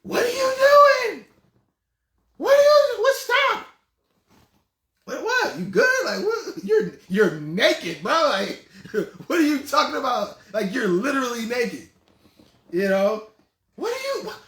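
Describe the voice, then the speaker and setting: A man's voice: extremely high pitch, huge pitch swings, slow, pauses often, a bit bright, reverberant, pitched above the performer's own voice, full character voice. A man doing a shrieking, startled young woman. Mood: shocked, incredulous. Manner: shrieking, incredulous questions. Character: startled indignant young woman, a college student.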